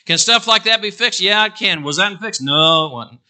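A male pastor preaching a sermon, swinging from loud declarations to hushed asides and acting out quotes. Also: high voice, lively intonation, moderate pace.

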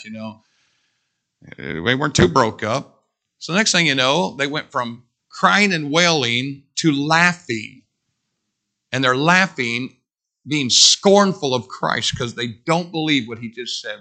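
A middle-aged man preaching a sermon, animated, breaking into whoops and joking asides. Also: mid-range voice.

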